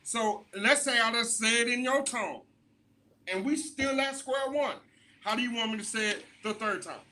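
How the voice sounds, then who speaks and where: A man's voice: extremely high pitch, normal speed, sharp tone. A man co-hosting a casual group chat, laid-back, arguing his point with rhetorical questions.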